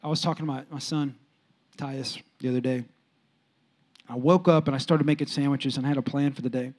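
A man preaching a sermon with audience interaction, telling casual stories and swinging from soft, low asides to loud, excited peaks. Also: a little fast. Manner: animated, jumps sharply higher and louder when excited, then drops soft; conversational, storytelling preacher with casual slang. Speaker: pastor.

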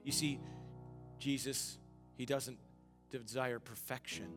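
A man's voice: a little high, moderate pace. A man preaching a sermon in a conversational way, calling on the congregation to repeat words back to him. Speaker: pastor. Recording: long hall reverb with faint music.

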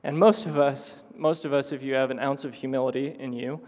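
A man preaching a sermon to his congregation, halting with restarts and clearing his throat often. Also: mid-range voice, fairly even intonation, a little mellow. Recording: long hall reverb.

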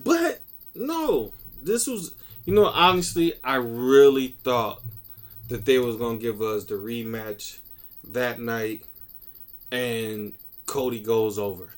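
A man co-hosting a casual wrestling podcast, ranting in an animated, profane and excitable way. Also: mid-range voice, slow pace. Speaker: podcast co-host.

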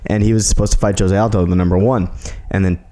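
A man's voice: low voice, fairly even intonation, fast, dark tone. A young man hosting a casual podcast chat, loose and rambling with lots of fillers. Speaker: podcast host.

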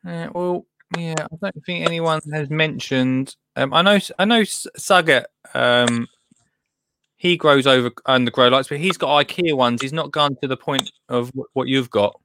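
A man's voice: fairly high pitch, moderate pace, pushed and bright, a little hiss or hum. A man hosting a gardening podcast, chatting casually with a caller and often restarting his sentences. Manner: chatty, friendly, with frequent restarts. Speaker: podcast host. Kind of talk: casual chat.

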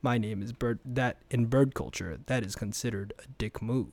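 A stiff, emotionless alien bird-man from a cartoon, as a man puts him on, talking low and flat in a deadpan monotone. Each word comes out slow and hushed, with almost no rise or fall. The sound is close and dry. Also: no echo, close to an everyday voice.

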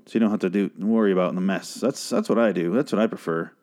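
A young man with a low, darkish voice recaps a show at a quick pace. His casual episode recap is rambling and crude, full of profanity and exasperated rants.

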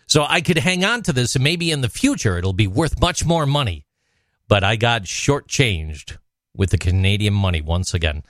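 A man co-hosting a casual podcast, telling an everyday story in an easygoing, relaxed way. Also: fairly low pitch, moderate pace, no echo, clean studio sound. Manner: easygoing, relaxed storytelling, reads news aloud. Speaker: podcast co-host.

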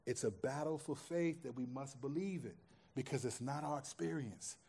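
With a husky, medium-pitched voice and vocal fry, this man preaches at normal speed, swinging between soft, quiet passages and loud, fervent climaxes while repeating phrases to drive points home.

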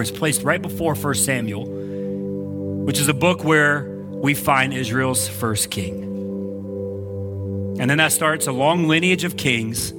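A male pastor gives a lively, conversational sermon to a church congregation. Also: medium pitch. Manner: energetic, conversational preaching with frequent "like". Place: church sanctuary. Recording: live church service recording.

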